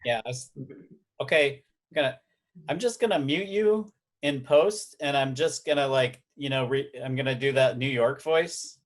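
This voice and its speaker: A man hosts a casual podcast chat and tells rambling stories, slipping in jokes as he goes. His voice has an ordinary, middle-of-the-road pitch. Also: normal speed. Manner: rambling, joking storyteller. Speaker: podcast host and editor.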